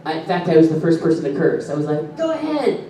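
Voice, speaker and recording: A man's voice: a little high, fast talker. Middle-aged man telling stories in an echoey hall. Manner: animated, laughs often, acts out quoted voices. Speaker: voice actor, convention panel guest. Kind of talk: convention panel storytelling. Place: convention panel room. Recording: echoey hall, distant mic, audible noise.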